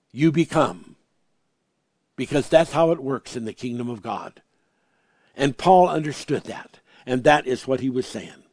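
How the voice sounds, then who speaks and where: Emphatic male preacher, slightly high voice. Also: no room sound, clean studio sound. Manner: emphatic, repeats words for stress, reads scripture slowly; swings from loud proclamations to quiet asides. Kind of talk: sermon.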